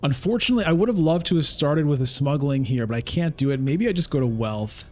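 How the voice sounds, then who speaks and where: A man's voice: on the high side, lively intonation, fast talker, soft background music. A man giving casual, chatty commentary as he plays a digital board game, thinking aloud. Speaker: streamer.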